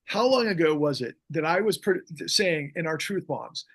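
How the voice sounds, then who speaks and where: Fiery high-voiced man ranting. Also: animated, moderate pace, fairly bright tone. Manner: ranting, fiery, rambling with restarts. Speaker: podcast host. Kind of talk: impassioned political talk.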